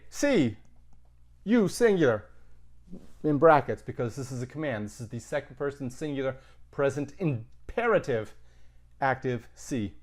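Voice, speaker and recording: A man teaching a Latin lesson, thinking aloud with casual asides. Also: a little high. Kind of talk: recorded lesson.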